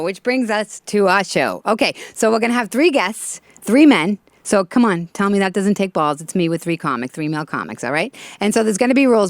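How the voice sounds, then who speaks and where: Chatty animated woman hosting a talk show. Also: mid-range voice, dry recording, clean studio sound. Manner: animated, chatty, laughs often. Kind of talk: stand-up style talk show monologue.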